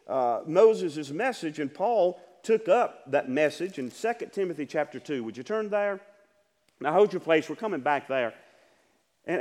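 A man's voice: high-pitched, big-room sound. Older male pastor preaching with fervor. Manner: impassioned preaching, repeats phrases, rising to shouted emphasis. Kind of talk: sermon.

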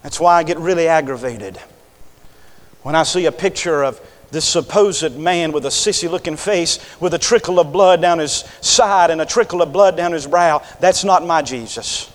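A fiery male preacher with a fairly high voice, booming out scripture in one breath and dropping to a near-hush in the next. His words ring out with a long reverb, as if carried through a church sanctuary. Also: normal speed. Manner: swings between loud impassioned preaching and hushed, intimate delivery; reads scripture in King James wording with fervor. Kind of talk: revival sermon.

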